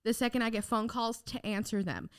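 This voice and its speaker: A woman's voice: on the high side, a little fast, smooth. A young adult woman, a podcast guest, chatting frankly in a casual interview, telling stories and acting out what people said, with the odd casual swear word. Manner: animated storyteller who acts out quoted lines.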